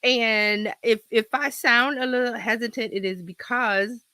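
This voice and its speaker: A woman's voice: on the high side, steady tone, measured pace, bright, forceful tone, no room sound. A woman hosting a casual livestream from her home office, chatty and rambling, with a slight cold in her throat. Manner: chatty, rambling, laughs often. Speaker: host. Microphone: laptop with external mic.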